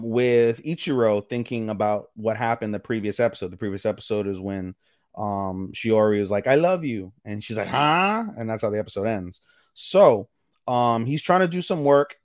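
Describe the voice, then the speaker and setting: A man's voice: medium pitch, a little mellow, dry recording, studio quality. A man co-hosting a podcast who chats casually and swears freely while recapping episodes, and briefly voices the characters' lines. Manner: loose and profane, acts out characters' lines in quick voices. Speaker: podcast co-host. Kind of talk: casual anime recap chat.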